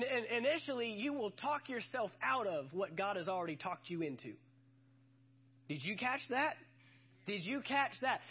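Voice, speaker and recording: Male pastor, husky high-pitched voice, emphatic sermon delivery. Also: lo-fi sound. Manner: emphatic, repeats key lines for effect.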